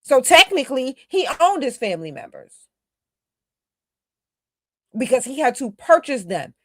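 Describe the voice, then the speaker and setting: A woman's voice: sits high, big pitch swings, measured pace, bright, forceful tone, a little hiss or hum. A woman co-hosting a podcast, giving emphatic, scolding commentary aimed straight at her critics. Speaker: podcast co-host. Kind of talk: casual commentary.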